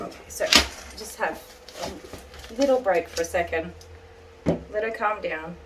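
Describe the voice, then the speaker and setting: Soothing woman groomer over loud clippers. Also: medium pitch, a little slow, heavy background noise. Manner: soft soothing coaxing, calm step-by-step explaining. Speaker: dog groomer. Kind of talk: narrated grooming video. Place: grooming salon. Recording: distant mic, loud electric clippers buzzing.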